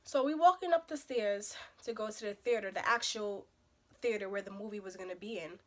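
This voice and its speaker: A young woman with a slightly hoarse voice from a cold, telling a dating story as a casual storytime vlog with emphatic, animated outbursts. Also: medium pitch, fairly quick. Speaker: vlogger.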